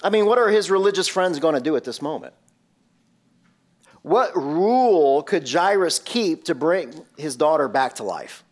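A man's voice: fairly high pitch, sing-song, normal speed. A male pastor preaching a sermon, emphatic and full of rhetorical questions.

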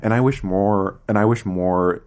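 A man's voice: lowish voice, normal speed, a little mellow. A man hosting a podcast, chatting in a casual, enthusiastic and playful way. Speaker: podcast host. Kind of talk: casual chat.

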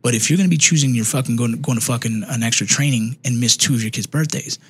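A man's voice: mid-range voice, fast, breathy edge, no room sound. A man in his thirties, a military veteran, telling blunt, profane stories in casual chat. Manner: profane, blunt, emphatic storytelling. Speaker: veteran podcast guest.

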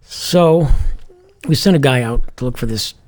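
A man's voice: medium pitch, quick pace. A man, a former police commander, telling stories in an interview and acting out the dialogue in different voices. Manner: lively, acts out quoted dialogue in different voices. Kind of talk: anecdotal interview storytelling.

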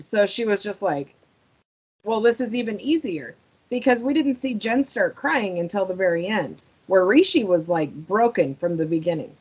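Female cohost, slightly husky voice, earnest, conversational. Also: mid-range voice, poor audio. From United States. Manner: earnest, thoughtful, frequent agreeing replies. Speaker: podcast cohost. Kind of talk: casual recap chat.

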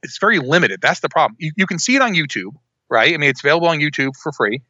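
A man with a bright, somewhat high voice co-hosts a casual podcast chat. He rambles in an animated way, often cutting himself off to restart. The sound is dry and a little dull, like a lo-fi recording. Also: quick pace, no echo. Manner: rambling, animated, self-interrupting. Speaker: podcast co-host.

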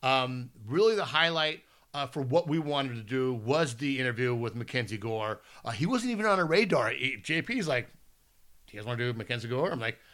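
A fifty-year-old man with a bright, forward voice co-hosts a podcast, chatting casually. He tells stories in an animated, rambling way, restarting his sentences as he goes. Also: medium pitch, normal speed, few pauses. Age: 50s. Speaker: podcast co-host. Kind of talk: casual chat.

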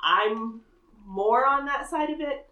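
A woman with a fairly high voice speaks wryly in a relaxed chat and laughs often. The room around her sounds echoey. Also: takes it slowly, muffled recording. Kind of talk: casual chat.

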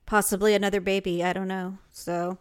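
A woman's voice: mid-range voice, flat delivery, fairly quick, clean tone. A woman co-hosting a podcast, chatting casually with a playful, teasing manner and frequent laughs. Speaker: podcast co-host. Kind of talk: casual chat.

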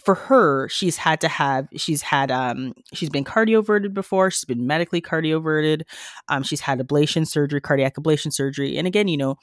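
A woman's voice: low-pitched, fairly quick, no echo, studio quality. A woman who works as a nurse, talking earnestly in a podcast conversation, with many fillers and restarts. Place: Canada.

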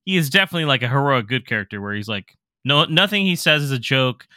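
A man chatting casually on a podcast, retelling scenes with lively, profane storytelling. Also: mid-range voice, fast, no echo, clean studio sound. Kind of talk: casual chat.

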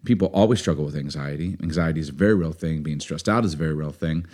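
A man with a very low voice hosts a podcast with his wife. He talks in a loose, rambling way and slips in small jokes. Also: quick pace. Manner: relaxed, rambling, joking. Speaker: podcast co-host. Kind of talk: casual podcast chat.

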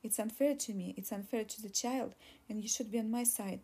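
A woman's voice: fairly high pitch, fairly quick, mellow, slightly rough. A woman voicing a pregnant young woman who pleads and argues in an audiobook reading. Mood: pleading. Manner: pleading, insistent.

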